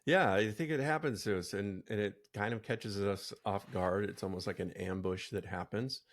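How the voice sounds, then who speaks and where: A man with a low, gravelly voice hosts a podcast. He tells his story with vivid imagery and acts out the lines he quotes. Then he steers the talk casually with his co-hosts. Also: moderate pace. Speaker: podcast host. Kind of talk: podcast intro and casual discussion.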